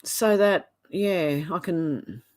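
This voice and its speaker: An Australian woman hosting a livestream at home, reading viewers' comments aloud in a steady run with quick asides of her own. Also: lowish voice. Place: at home, off camera.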